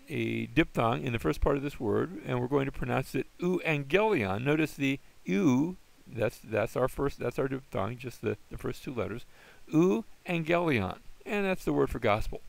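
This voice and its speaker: A man teaches Greek pronunciation in a casual, patient way, pausing to sound words out slowly. His voice sits in a middle range with a strong gravelly fry running through it. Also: medium pitch. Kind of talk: informal classroom explanation.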